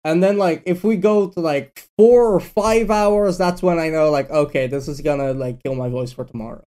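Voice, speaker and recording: A man hosting a casual podcast chat, rambling with lots of fillers and trailing off quietly at the ends of thoughts. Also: fairly high pitch, moderate pace. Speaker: podcast host.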